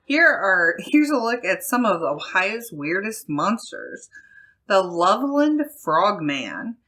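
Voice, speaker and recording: A woman's voice: mid-range voice, sing-song, slow, pushed and bright. A woman co-hosting a casual podcast, reading a news article aloud and laughing often. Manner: giggly, reads articles aloud. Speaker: podcast co-host.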